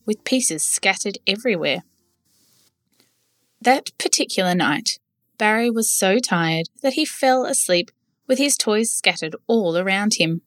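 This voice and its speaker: A woman reads a children's story aloud, gentle and clear. Her voice sits mid-range and sounds close and dry. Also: medium pitch, expressive, measured pace, no room sound, soft background music.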